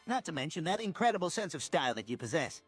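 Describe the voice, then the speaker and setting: A synthetic man's voice playing a smarmy, flattering cartoon neighbor man. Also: on the high side, quick pace, slightly rough, faint music behind.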